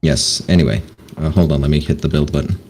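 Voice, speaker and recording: A man narrating as game master for a tabletop game, casual and halting, with many fillers. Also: rumbling low, a little mellow, husky, rough recording.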